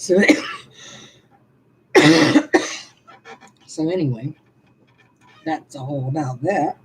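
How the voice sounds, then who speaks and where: A woman's voice: low voice, drawn-out words, long pauses, slight background noise, poor audio. A woman in her sixties, venting on a live stream. She sighs often and talks to her chat about her frustration. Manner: frustrated, sighing, speaks to chat.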